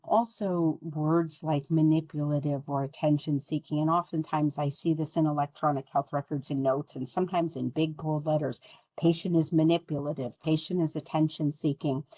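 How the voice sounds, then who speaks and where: A woman's voice: low-pitched, dark tone, dry recording, low-quality recording. A woman leading a training webinar, talking in an earnest, conversational way with frequent ums. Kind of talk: webinar presentation.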